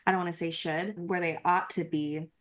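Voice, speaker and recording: A woman's voice: fairly low pitch, fairly even intonation, moderate pace. A woman from Houston, Texas, hosting a podcast and talking candidly in casual conversation, laughing and swearing now and then. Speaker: podcast host.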